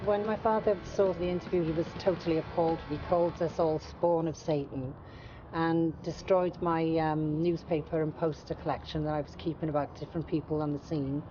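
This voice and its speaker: A woman's voice: deep voice, steady tone, a little fast, muffled recording, over music. A woman reminiscing in an interview, telling stories plainly. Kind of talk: casual reminiscing.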